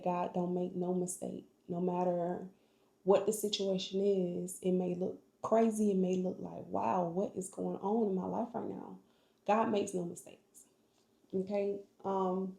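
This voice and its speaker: A young woman shares her life story on a vlog, earnest and full of faith. Her voice is gravelly and mellow, and her delivery is slow. She sounds like she is in a room with a lot of echo. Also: mid-range voice. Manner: earnest, emotional, faith-filled testimony. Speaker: vlogger. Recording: echoey room.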